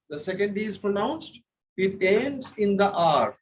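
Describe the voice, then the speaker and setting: A man teaches a French lesson to a class. His voice sits high for a man and he talks slowly. He is patient, repeating words and checking that students follow. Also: lively intonation, slight background noise, poor audio. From India.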